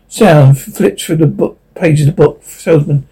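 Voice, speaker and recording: Husky reader reading stage cues aloud. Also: medium pitch, measured pace, warm tone, rough recording. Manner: reads cues and character names aloud with stumbles. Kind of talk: reading an old radio drama script aloud, including stage directions.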